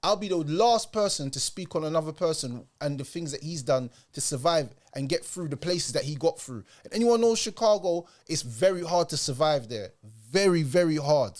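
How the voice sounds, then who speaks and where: Brief: young British man, fired-up reaction host, slangy and emphatic, voice sits a touch high. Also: expressive, moderate pace, hardly any pauses. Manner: heated, emphatic street talk. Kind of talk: casual reaction commentary.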